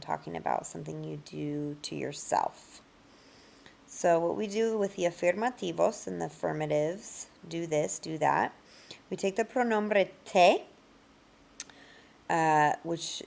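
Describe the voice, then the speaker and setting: A woman with a low, deeply gravelly voice teaches a grammar lesson. She speaks unhurriedly and patiently, working step by step through each rule. She pronounces the example words slowly and carefully. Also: a little mellow. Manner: patient, explains step by step with examples in both languages. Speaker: Spanish teacher.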